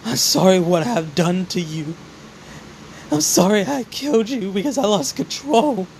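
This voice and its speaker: A man's voice: sits high, a little slow, a little mellow, pitched above the performer's own voice. Casting: man doing a distraught teen dragon boy from a fan story, pleading, voice cracking upward. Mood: remorseful. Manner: choked, pleading, rising to cries. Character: distressed teenage boy hero with dragon powers.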